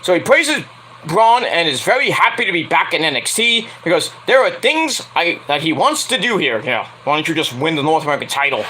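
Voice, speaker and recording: Animated, bright-voiced man reviewing wrestling. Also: fairly quick, husky, low-quality recording. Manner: rambling, laughs often, bursts into high squealing impressions. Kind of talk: casual solo review vlog.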